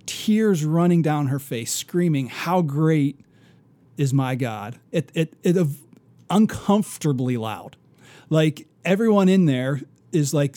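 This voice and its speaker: A man co-hosting a casual faith podcast, telling a story earnestly with many restarts and soft, trailing asides. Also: a little high, dry recording. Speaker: podcast co-host.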